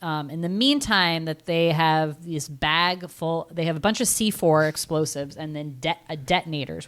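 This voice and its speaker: A woman co-hosting a podcast, explaining a movie plot in a relaxed, hesitant way. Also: sits low, clear, resonant tone. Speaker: podcast co-host. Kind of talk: casual movie recap chat.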